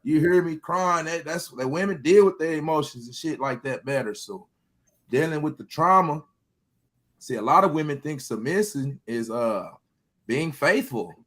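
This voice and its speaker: Profane, animated man in casual chat. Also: a little high, normal speed. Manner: profane, emphatic, keeps asking "you hear me?".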